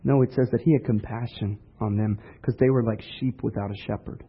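A man's voice: lowish voice, steady tone, fairly quick, husky. A man preaching a sermon in a conversational way, asking rhetorical questions. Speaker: pastor. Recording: dull lo-fi recording.

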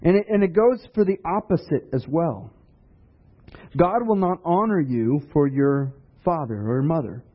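A man's voice: a little high, lively intonation, measured pace. Man preaching a casual sermon, lo-fi. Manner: conversational preaching with rhetorical questions. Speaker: pastor. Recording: dull lo-fi recording.

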